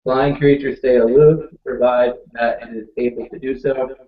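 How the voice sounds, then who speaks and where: A man playing a tabletop game, casual and halting as he thinks aloud. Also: mid-range voice, fairly even intonation. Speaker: player. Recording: dull lo-fi recording.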